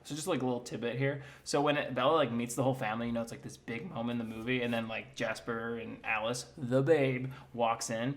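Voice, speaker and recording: A man's voice: mid-range voice, level tone, fast talker, few pauses, slight background noise. A young man giving a sarcastic comedic movie recap in a casual, rambling way, full of fillers and mocking impressions of the characters. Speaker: comedy commentator.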